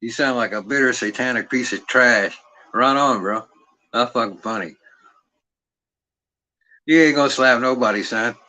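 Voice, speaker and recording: A middle-aged man rants on a livestream with a bright, forceful edge to his voice. He swears constantly and taunts his listener with rhetorical jabs. The sound is dry and close, with no room around it. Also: mid-range voice, moderate pace, long pauses, dry recording, rough recording. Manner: aggressive, mocking, heavy swearing. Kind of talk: profane rant on a livestream.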